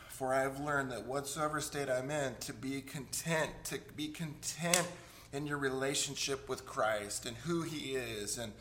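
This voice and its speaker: A middle-aged man preaching a sermon through a stage microphone, his pitch sitting right in the middle of the male range. He talks casually, repeats words as he goes, and drops joking asides. A faint room noise sits under the voice. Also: a bit bright. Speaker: pastor. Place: church sanctuary.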